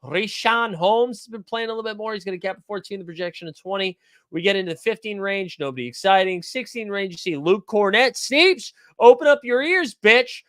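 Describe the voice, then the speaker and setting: A man's voice: high-pitched, fast, fairly bright tone, dry recording, studio quality. A man hosting a fantasy sports live stream in a joking, rambling, profane casual manner.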